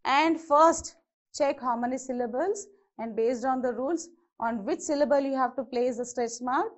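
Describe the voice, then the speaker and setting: A woman's voice: high-pitched, moderate pace. A woman teaching an exam-prep grammar lesson, explaining patiently step by step with many "okay"s and "so"s. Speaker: English teacher.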